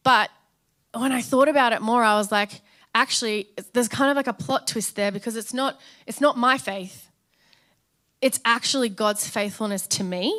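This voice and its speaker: A woman's voice: mid-range voice, fairly bright tone. An Australian woman in her thirties telling her testimony in church, chatty and storytelling, acting out quotes and laughing along. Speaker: church speaker sharing a testimony. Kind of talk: sermon testimony.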